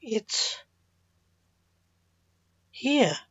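A woman voicing Blake, a tired father who is a necromancer, read slowly and plainly. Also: no room sound. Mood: weary. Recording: dull lo-fi dry recording.

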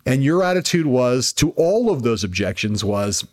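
A man's voice: mid-range voice, big pitch swings, normal speed. A male host interviewing a guest, admiring and emphatic, building his points with repetition. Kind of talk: conversational interview.

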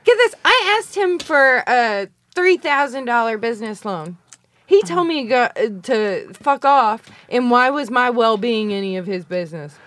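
A woman's voice: a little high, expressive, measured pace, fairly bright tone. A woman telling long, profane stories in casual chat, rambling and acting out the people in them. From Kentucky.

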